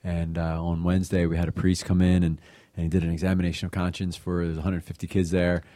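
Deep, mellow man, chatty. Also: monotone, fast talker, no echo. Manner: conversational, with many fillers and repeated words. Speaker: co-host of a faith reflection show. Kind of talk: devotional reflection.

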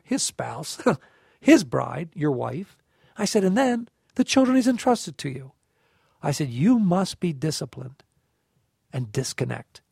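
Man, slightly high gravelly voice, animated storyteller, reflection on scripture, dry studio sound. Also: dry recording. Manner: animated storyteller, acts out dialogue. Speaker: co-host of a scripture reflection show. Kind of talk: conversational faith reflection.

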